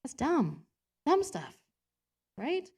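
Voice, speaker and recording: A woman's voice: high voice, sing-song, drawn-out words, a little mellow. A woman preaching a personal sermon in a church, chatty and self-deprecating, laughing often and acting out quotes in different voices.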